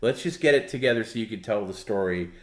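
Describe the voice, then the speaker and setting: Lowish voiced guy host laying out the rules patiently, roomy echo. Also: animated, fast talker. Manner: patient, instructive, explaining rules. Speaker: stream host. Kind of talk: casual live-stream talk.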